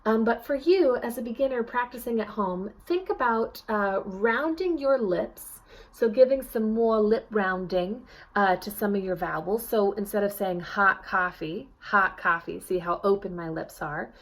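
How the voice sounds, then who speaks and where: A woman's voice: medium pitch, a little slow, few pauses. A woman dialect coach giving a lesson, demonstrating sounds and prompting the viewer to repeat. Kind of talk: video accent lesson.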